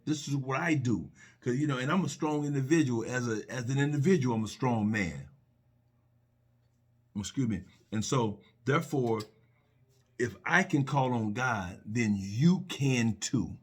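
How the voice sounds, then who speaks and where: Husky middle-aged man, earnest and preachy, personal reflection, mid pitch. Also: animated, measured pace. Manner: earnest, repetitive, preachy with restarts and rhetorical questions. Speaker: speaker sharing personal faith reflections.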